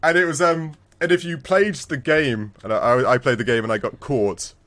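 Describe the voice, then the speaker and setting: A man's voice: medium pitch, normal speed. A man co-hosting a podcast, chatting casually about retro games and telling stories with frequent laughter. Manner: animated, laughing storyteller. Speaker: podcast co-host.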